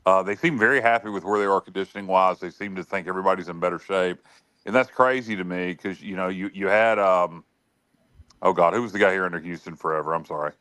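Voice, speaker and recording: A man with a clear, resonant low voice talks sports in a relaxed way. He hedges often and restarts sentences, but states his picks bluntly. The recording is dry and close. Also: quick pace, no room sound. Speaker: podcast co-host and analyst. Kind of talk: casual sports talk.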